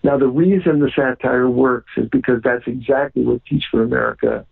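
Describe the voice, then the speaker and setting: Gravelly, husky man, guest on a radio interview, earnest, phone-line sound. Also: mid-range voice, steady tone, moderate pace. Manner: earnest, with many ums and restarts.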